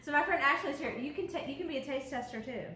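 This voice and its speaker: A woman's voice: high voice, fast, bright, forceful tone, reverberant, a little hiss or hum. A woman hosting a casual cooking show from her home kitchen, chatty and laughing often. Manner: chatty, laughs often, talks with mouth full. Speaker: host.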